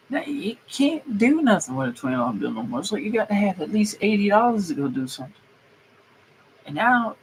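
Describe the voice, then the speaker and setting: A man's voice: high voice, a little hiss or hum, low-quality recording. A man streaming a comedic rant, griping heatedly and swearing freely as he goes. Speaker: streamer and mechanic. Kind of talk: comedic ranting monologue.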